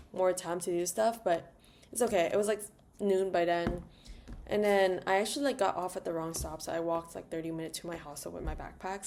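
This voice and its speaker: A young woman rambles through a storytime vlog, piling on "like" and quick asides as she goes. Her voice sits a little low for a woman. It sounds loose and conversational, like she's chatting straight to the camera. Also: gravelly, a little mellow, slight background noise. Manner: rambling, filler-heavy, chatty; sings "la la" to herself. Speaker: travel vlogger.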